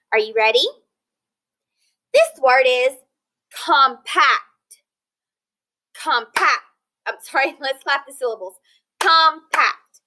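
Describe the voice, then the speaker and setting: Woman, phonics teacher, high bright voice, patient and encouraging. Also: poor audio. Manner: slow, clear, encouraging teacher talk, sounding out words. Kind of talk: recorded phonics lesson for children.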